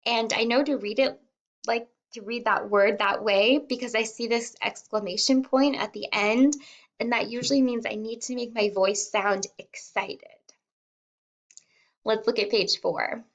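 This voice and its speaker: A woman kindergarten teacher reading a simple storybook aloud word by word, sounding out and repeating words and gently encouraging young children to follow along. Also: a little high, steady tone, unhurried. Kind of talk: slow read-along lesson for young children.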